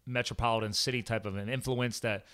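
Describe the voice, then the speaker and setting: A man in his thirties, a former hotshot firefighter hosting a casual chat, rambling and quick to laugh. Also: mid-range voice, steady tone, a bit bright, clean tone.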